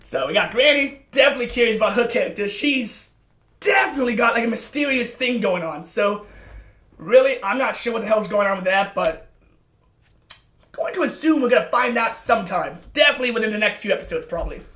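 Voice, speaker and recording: A man giving excited, breathless reaction commentary on a show, gushing and swearing with stammered restarts. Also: high voice, brisk. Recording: roomy room, faint music behind.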